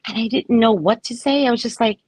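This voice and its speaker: A woman psychic casually telling a story about her neighbors, animated and acting out the people she quotes. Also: a little high, a little fast, slightly rough, no room sound. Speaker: psychic reader.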